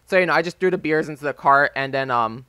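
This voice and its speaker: A young man in his early twenties tells a meandering story while he plays, leaning on fillers as he goes. His voice sits a little high and sounds bright and forward. It is recorded close and dry on a desk microphone. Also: quick pace, clear, resonant tone, no echo. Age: early 20s. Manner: rambling, loose and chatty, full of "like" and "um". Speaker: gaming YouTuber. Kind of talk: casual storytelling over gameplay. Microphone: desk microphone with a phone as backup.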